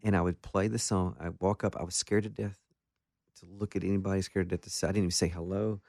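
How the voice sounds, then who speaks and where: Low-voiced man telling a story. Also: fast talker, gravelly, no room sound, studio quality. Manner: animated, self-deprecating anecdotes with many restarts. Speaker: guest musician. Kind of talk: casual interview storytelling.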